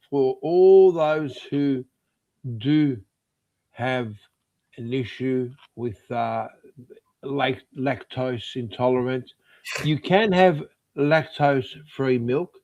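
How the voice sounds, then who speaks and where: On a dull lo-fi recording, a male podcast co-host chats casually, beginning hesitantly with fillers and restarts before venting exasperated complaints. His voice is medium-pitched, slow, and a little mellow.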